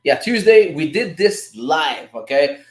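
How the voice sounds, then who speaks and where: A man with a fairly high voice talks loosely to his live-stream viewers about forex trades, casual and a bit profane. The sound is roomy, with a noticeable echo off the walls. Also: lively intonation, a little slow. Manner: loose, chatty, swears casually, calls the audience "guys" and "dude". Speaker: livestream host teaching forex trading.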